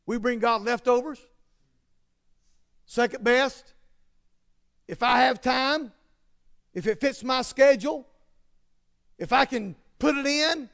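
A male preacher with a strikingly high voice delivers a sermon in emphatic, repeated phrases. He drives each point home with stacked rhetorical questions. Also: slow, pauses often, a bit bright.

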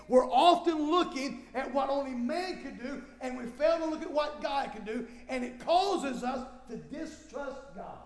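A man's voice: extremely high pitch, creaky, a bit bright. A man preaching a sermon as pastor, emphatic, often repeating words and restarting phrases.

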